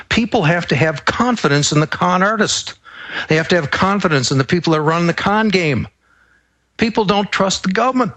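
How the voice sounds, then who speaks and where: Measured, higher-voiced male radio guest. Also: a bit bright, no echo. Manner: measured, explanatory, argues step by step. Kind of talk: political talk show discussion.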